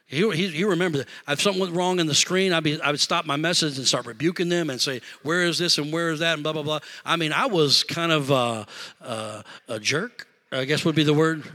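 A middle-aged man preaching a sermon in a church, telling a story in an animated, emotional way and talking straight to the congregation. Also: on the high side, brisk. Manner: animated, emotional, talks to congregation with "y'all" and "amen". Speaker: pastor. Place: church sanctuary.

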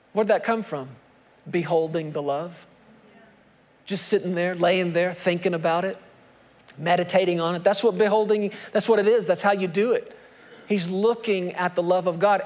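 A man's voice: high voice, moderate pace, darkish tone. A man preaching a sermon as pastor, repeating key phrases with emphasis and reading scripture aloud. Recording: long reverb of a large hall.

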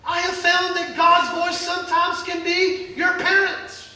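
A man's voice: very high voice, completely flat delivery, measured pace, pushed and bright, very echoey, distant mic, poor audio. A male pastor preaching a sermon in a church, folksy and joking, acting out Bible scenes. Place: church sanctuary.

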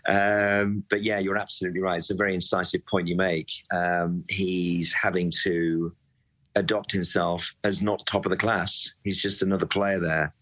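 A man's voice: sits low, level tone, moderate pace, a bit bright, poor audio. A man, talking with passion and emphasis as a football fan guest in a podcast conversation, often repeating words as he gets worked up. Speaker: football club supporter guest.

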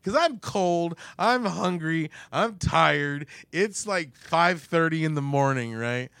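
A man in his thirties spins a profane anecdote in relaxed podcast chat. His voice sits a little high, and he slips into mocking impressions of the people in the story. The recording is dry and close. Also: slow, creaky, clean tone, dry recording.

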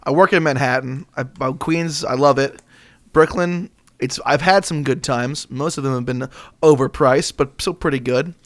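A man's voice: medium pitch, normal speed, a bit bright. A man co-hosting a casual comedy podcast, rambling through crude, playful bits and laughing often. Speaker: podcast co-host.

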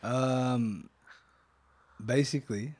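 Mellow-voiced teasing male podcaster. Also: mid-range voice, drawn-out words, dry recording. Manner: teasing, impatient, interrupts. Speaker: podcast co-host. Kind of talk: casual chat.

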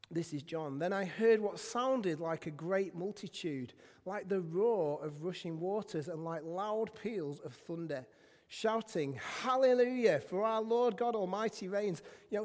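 A middle-aged man from England preaching a sermon in a church, telling stories with humor and shouting at times. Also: sits high. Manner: animated, self-deprecating storytelling with bursts of shouting. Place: church sanctuary. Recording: church hall with long reverb.

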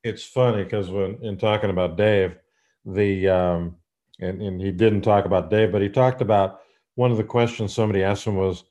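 A man hosting a casual podcast interview, his voice sitting low. He chats easily and laughs as he retells stories. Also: steady tone, moderate pace, mellow. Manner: chatty, laughs while telling anecdotes. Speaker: podcast host.

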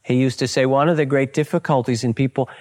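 A man giving a dharma talk as a meditation teacher, speaking in a calm, unhurried and gently instructive way with personal stories. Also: medium pitch.

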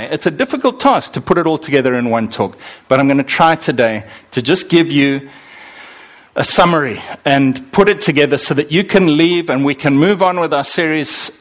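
A man preaching a sermon to a congregation, conversational and animated, joking with his listeners. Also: sits high.

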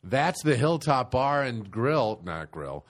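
A man's voice: mid-range voice, big pitch swings, takes it slowly. A man chatting casually on a podcast in a laid-back way. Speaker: podcast co-host. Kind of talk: casual chat.

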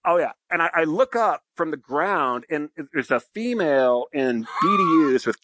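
A man, a former fighter pilot and podcast guest, telling a long casual anecdote in an animated, profane way and often tagging lines with "right?". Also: a little high, normal speed, dry recording.

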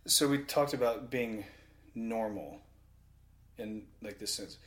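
A man with a fairly low voice talks casually and tells stories with lots of energy. He laughs often as he goes. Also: takes it slowly. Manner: animated storyteller, laughs often. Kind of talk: casual conversation.

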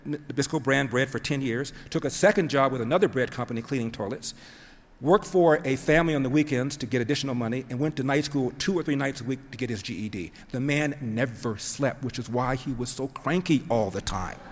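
A man's voice: mid-range voice, brisk. A man giving an emphatic storytelling speech, acting out the voices he quotes. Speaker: speaker telling a family story. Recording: long hall reverb.

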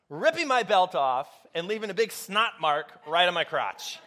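Bright-voiced, higher man preaching. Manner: conversational, self-deprecating storytelling. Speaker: pastor. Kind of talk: sermon.

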